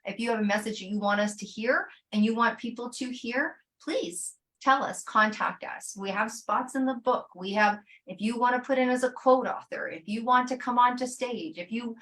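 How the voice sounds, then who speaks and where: A woman hosting an online summit, effusive and warm in her thanks, with many fillers. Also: fairly high pitch, moderate pace, hardly any pauses. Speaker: summit host.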